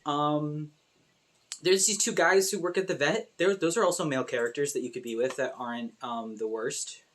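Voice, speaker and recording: A young woman casually recapping a movie with sarcastic, animated commentary and lots of fillers. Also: sits low, normal speed, slight background noise. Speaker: video essay host.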